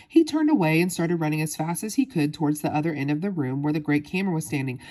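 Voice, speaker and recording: A woman reading a children's novel aloud as narrator, in steady storytelling with small slips. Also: sits low, fast, few pauses. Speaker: audiobook narrator.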